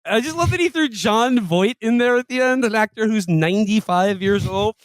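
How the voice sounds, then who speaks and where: A man with a notably high voice co-hosting a comedy podcast. He reads long passages aloud with wry, deadpan amusement. The mic is close and dry. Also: moderate pace, no room sound. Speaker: podcast co-host. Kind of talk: casual comedic chat, reading quotes aloud.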